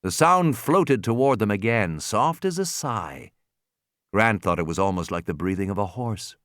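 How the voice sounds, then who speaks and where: Lively male audiobook narrator, dry studio. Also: lowish voice, normal speed, dry recording. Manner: energetic, lively storytelling.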